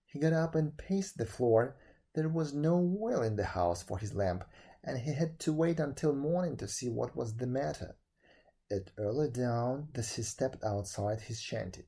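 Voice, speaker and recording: A male narrator reading an old folk tale aloud with dramatic expression. His pitch rises and falls a lot, and his voice has a warm, somewhat husky tone. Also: lively intonation, normal speed.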